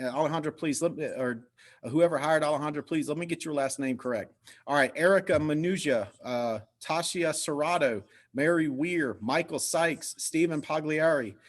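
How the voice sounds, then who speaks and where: Energetic man hosting a team call. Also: on the high side. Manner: energetic, cheering people on by name. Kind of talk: upbeat motivational team call. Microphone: video call.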